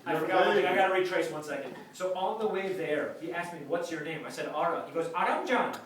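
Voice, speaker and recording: A man's voice: high-pitched, fast. A man telling a comic story in a casual way, acting out the quotes and laughing through his lines. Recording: echoey room, distant mic, loud noise.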